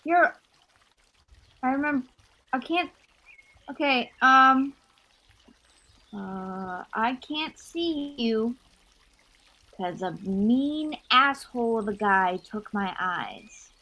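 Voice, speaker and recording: A young woman playing a tabletop game, animated and rambling, with frequent swearing. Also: on the high side, very slow, long pauses. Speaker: player. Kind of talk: tabletop role-play.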